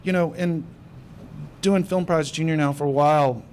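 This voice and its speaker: A man's voice: fairly high pitch, normal speed, a little mellow, a little hiss or hum. A man filmmaker on a panel giving writing advice in a rambling, conversational way.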